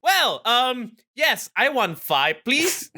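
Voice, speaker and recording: A man's voice: very high voice, very animated, drawn-out words, bright, forceful tone. A man co-hosting a casual comedy podcast, answering with short incredulous reactions and frequent laughter. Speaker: podcast co-host.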